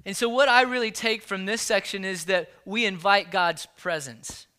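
High bright-voiced man preaching casually. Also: fairly even intonation, moderate pace, smooth. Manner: casual, repeats and restarts words, rhetorical "all right?". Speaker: pastor. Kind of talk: conversational sermon.

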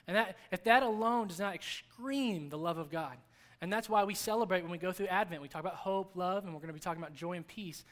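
A male pastor in his thirties with a notably high voice, delivering a sermon at church. His preaching is conversational yet earnest, and he leans on repetition to drive points home. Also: fast, a bit bright. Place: church service.

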